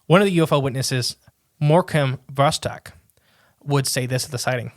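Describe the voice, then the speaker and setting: A man co-hosting a casual podcast, chatting in a rambling way and reading quotes aloud haltingly. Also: mid-range voice, dry recording, studio quality. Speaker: podcast co-host.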